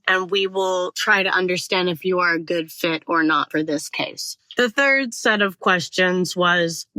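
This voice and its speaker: A woman podcast host telling a story in a casual monologue from her car, talking fast and out of breath, with frequent swearing. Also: mid-range voice, sharp tone, no room sound, rough recording. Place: parked car.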